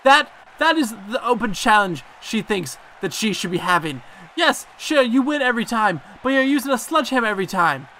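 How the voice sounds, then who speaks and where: A man's voice: sing-song, a little fast, sharp tone, slight background noise, full character voice. A man voicing a cocky Irish woman wrestler in a mock Irish accent, delivering a defiant video game promo with brash trash talk. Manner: brash trash talk, higher than his own voice.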